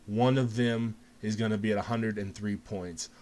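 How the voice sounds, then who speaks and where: A man hosting a casual live game show, calling results in an excited, jokey way and laughing often. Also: fairly low pitch, moderate pace. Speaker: host.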